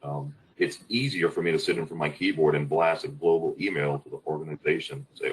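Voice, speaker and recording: Deep-voiced man speaking haltingly. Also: steady tone, slight background noise, poor audio. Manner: halting, searching for words. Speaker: fire service leader. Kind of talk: webinar panel discussion.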